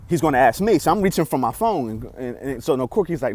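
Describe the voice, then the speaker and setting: A young man telling a story on his vlog, excitable and animated, swinging between loud outbursts and quiet asides as he acts out lines. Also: mid-range voice, a little fast, background noise. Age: young adult.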